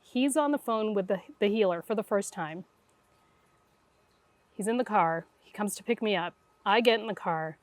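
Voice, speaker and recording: Middle aged woman guest, animated storyteller, does the voices, dry close sound, normal pitch. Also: normal speed, long pauses, no echo. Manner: animated, acts out quoted dialogue. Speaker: guest intuitive. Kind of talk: conversational storytelling.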